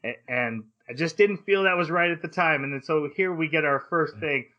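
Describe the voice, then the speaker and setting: A man's voice: on the high side, a little fast, highs cut off. A grown man hosting a casual anime discussion podcast, retelling the plot at length with fillers and playful paraphrased quotes. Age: adult. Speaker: podcast host.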